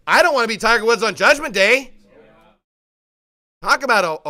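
Fervent high-voiced man preaching. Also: expressive, fairly quick, pauses often. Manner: fervent, rising to shouts at points of emphasis; preaches in short punchy rhetorical questions. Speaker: pastor. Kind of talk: sermon. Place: church hall.

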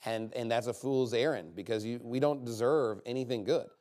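A man preaching a sermon in a conversational, emphatic way, often checking in with "okay?" and swinging from quiet asides to loud bursts. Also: moderate pace. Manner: swings from low, quiet asides to loud, high-pitched outbursts.

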